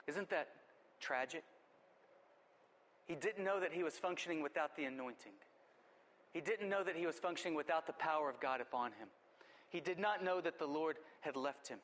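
A man's voice: fairly high pitch, normal speed, long pauses, a bit bright, long reverb tail. A man preaching a sermon in an earnest, conversational way, retelling scripture and reflecting on it. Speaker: pastor.

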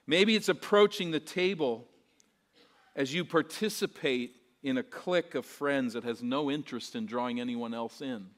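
A man's voice: medium pitch, moderate pace. Earnest male pastor preaching. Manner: earnest preaching that swings between soft and emphatic; rhetorical questions and repetition. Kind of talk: sermon.

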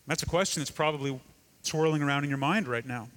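Emphatic preacher in an echoing hall. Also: male voice, fairly high pitch, quick pace. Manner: emphatic, dramatic drops to a hush. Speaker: pastor. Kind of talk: sermon.

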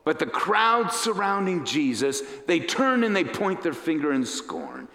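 Male pastor, unhurried, dramatic storytelling sermon, echoey hall. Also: on the high side. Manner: dramatic, animated storyteller who acts out characters.

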